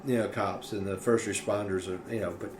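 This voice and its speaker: A man chatting casually as a podcast co-host, telling stories in an animated way and swearing freely. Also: fairly low pitch, a little fast, far from the mic. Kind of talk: casual chat. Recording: echoey room with faint noise.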